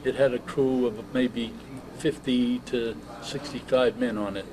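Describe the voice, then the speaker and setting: Halting elderly veteran man. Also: medium pitch, fairly even intonation, crowd noise. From United States. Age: 80s. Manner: halting, many uh's and restarts. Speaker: veteran interviewee. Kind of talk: oral history interview. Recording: noisy background.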